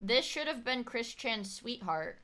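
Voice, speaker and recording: A woman streamer chatting casually as she reacts to a video, excitable and swearing, shrieking thanks to her viewers. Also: on the high side, measured pace.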